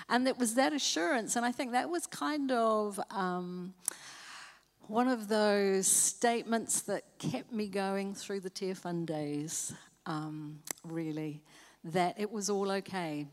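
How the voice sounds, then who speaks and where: A New woman telling a story as a panel guest, reflective and unhurried. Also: mid-range voice. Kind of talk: on-stage panel interview. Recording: hall reverb.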